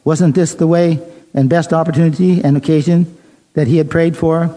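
A man delivers a sermon with a mellow, warm tone. He tells a story in a measured way, reading the lines of dialogue plainly. His voice sits a bit above the usual male pitch. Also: fairly even intonation, rough recording. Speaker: preacher.

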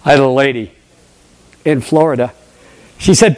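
An older man, a pastor, preaching a lively sermon, acting out conversations and questioning his congregation. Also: a little high, moderate pace. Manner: animated preaching, acts out dialogue, asks the congregation questions.

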